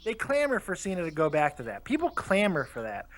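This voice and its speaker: A man with a high, expressive voice chats loosely and tosses out crude, irreverent remarks. His pitch jumps around freely as he talks. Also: a little fast. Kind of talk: casual review chat.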